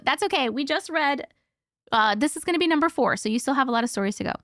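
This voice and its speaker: Young woman host, fairly high voice, chatty and scattered with playful noises; very dry, close sound. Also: lively intonation, quick pace, fairly bright tone, dry recording. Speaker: livestream host reading viewer stories. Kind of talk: casual live chat with viewers. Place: home room.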